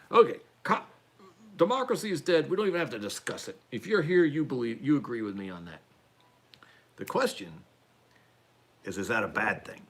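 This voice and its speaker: A man's voice: medium pitch, fairly bright tone. A man hosting a casual political live-stream chat, rambling and self-deprecating, with frequent restarts. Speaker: podcast host.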